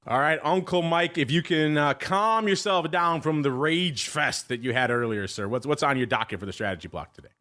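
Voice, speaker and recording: A man's voice: a little high, fairly quick, few pauses. A man hosting a finance podcast, tossing questions to his panel in a jokey, teasing way. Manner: jokey, lively. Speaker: host.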